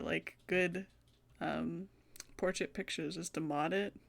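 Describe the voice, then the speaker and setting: A woman's voice: fairly low pitch, fairly bright tone. A woman casually chatting and rambling while she streams a game, with plenty of fillers. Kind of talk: casual gaming commentary.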